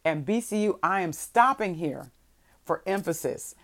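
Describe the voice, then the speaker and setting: A woman with a low voice delivers a sermon to her listeners. She reads scripture in a slow, measured way, then swings from quiet reflection into emphatic, rising bursts. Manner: expressive preaching, swings between soft and emphatic. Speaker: preacher.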